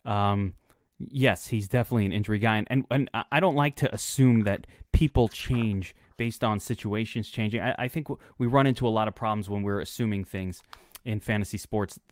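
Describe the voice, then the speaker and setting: A man co-hosting a casual sports podcast, opinionated and animated, swearing freely and stumbling over restarts. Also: fairly low pitch, brisk, dry recording. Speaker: podcast co-host. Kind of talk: casual fantasy sports chat.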